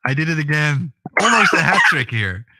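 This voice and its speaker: A man's voice: a little high, very animated, moderate pace, heavy background noise. A man co-hosting a casual podcast conversation, teasing and hesitant, with many fillers. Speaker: co-host.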